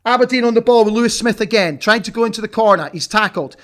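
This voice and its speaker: During a football watch-along, a middle-aged man commentates live and chats, cheering his team and shouting excitedly at big moments. His voice sits high and moves quickly.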